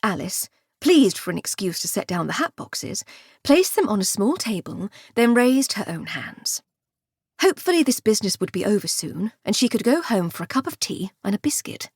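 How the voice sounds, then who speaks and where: A woman narrating an audiobook with expressive, wry comic storytelling. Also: medium pitch, normal speed, husky, no echo, clean studio sound. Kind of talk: scripted narration.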